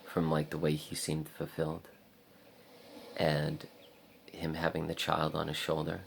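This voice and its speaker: Deep gravelly man vlogging casually. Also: completely flat delivery, a little slow, slight background noise. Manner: rambling, heavy use of "like" and swearing. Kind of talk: casual storytelling vlog.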